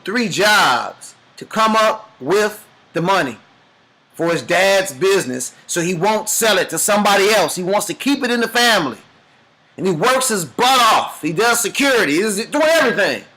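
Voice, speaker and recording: A man giving a motivational business talk, telling a story in an animated, dramatic way to a group. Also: high voice. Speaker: business speaker.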